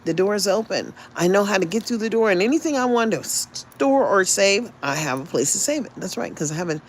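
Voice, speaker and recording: Animated, profane woman ranting on a podcast. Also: medium pitch, a little fast, slight background noise. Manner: profane, animated, repeats refrains. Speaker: podcast host. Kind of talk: live solo podcast rant. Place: home.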